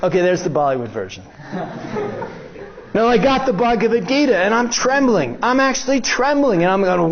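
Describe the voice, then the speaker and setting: The voice sits high and moves at a moderate pace, recorded with lo-fi sound. It belongs to an older American man lecturing as a guest speaker in a lecture hall, who animatedly jokes his way through a story and plays out the conversations.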